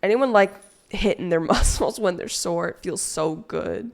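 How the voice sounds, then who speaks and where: A woman's voice: lowish voice, a little slow, creaky. A young adult woman streaming live, chatting casually with viewers in a rambling, crude and playful way as she reads chat aloud.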